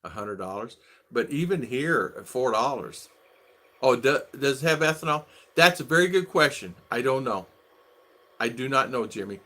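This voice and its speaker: A man's voice: mid-range voice, expressive, normal speed, sharp tone. A man from the United States hosting a casual livestream, thinking aloud and greeting viewers by name as he goes. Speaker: vlogger host.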